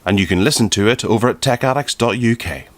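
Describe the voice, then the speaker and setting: A man's voice: on the low side, fast talker. A man, casually reviewing a budget microphone as a tech podcast host, chatty and often correcting himself mid-sentence. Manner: chatty, self-correcting, relaxed asides.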